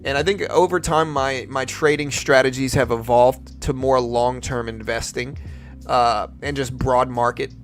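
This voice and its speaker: A man's voice: medium pitch, fairly even intonation, a little slow, soft background music. A young man from Louisiana with a slight Louisiana accent, casually hosting a trading livestream and answering chat questions. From Louisiana, USA. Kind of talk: casual live-stream commentary.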